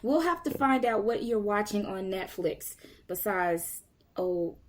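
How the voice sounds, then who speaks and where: A woman hosting a podcast interview, eager and quick to laugh and praise her guest. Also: mid-range voice, animated. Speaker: podcast host. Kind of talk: casual interview chat.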